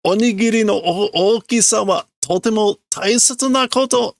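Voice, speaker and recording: Brief: a man playing a comic-book dad, flustered and halting, voice lifted high. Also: gravelly, no echo. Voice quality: halting, stumbling delivery. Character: flustered apologetic dad, stumbling over words.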